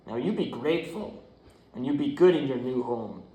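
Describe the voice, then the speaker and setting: A man reading the part of a gruff, worn-out working father, curt and dismissive, at a script read-through. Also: medium pitch, expressive, normal speed, dark tone, lightly acted. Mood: stern. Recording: roomy echo.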